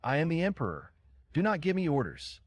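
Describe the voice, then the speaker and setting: A foolish young emperor, played by a man, complains and bristles at every order. His pitch swings a lot from line to line. It sounds like a story recap read by one voice. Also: big pitch swings, brisk, no echo. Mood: indignant.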